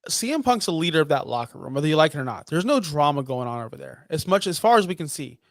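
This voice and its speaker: A man's voice: fairly high pitch, sing-song, fast talker, gravelly, fairly bright tone, no echo, studio quality. A young man co-hosting a casual wrestling podcast, blunt, profane and full of strong opinions. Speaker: podcast co-host.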